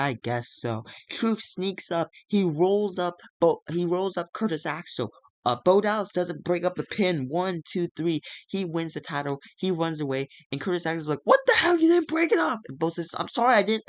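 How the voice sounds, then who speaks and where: A young man casually recapping a wrestling management game, narrating the matches and now and then putting on quick voices for the wrestlers. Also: no room sound. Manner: recaps matches and briefly acts out wrestlers' lines in quick, squeaky outbursts. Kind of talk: casual let's-play narration.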